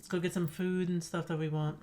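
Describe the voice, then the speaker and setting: A woman's voice: on the low side, flat delivery, a little fast, warm tone. A woman streamer chatting casually and reacting aloud while she plays a story game. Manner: chatty, reacts aloud, asks questions to herself. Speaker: gaming streamer. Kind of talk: let's play commentary and reading game text aloud. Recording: game music playing behind.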